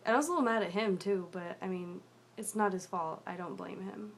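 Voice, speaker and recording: A young woman telling a personal story in a video diary, rambling and confessional with many fillers, often dropping to a quiet mutter. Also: mid-range voice, fairly quick, a little hiss or hum.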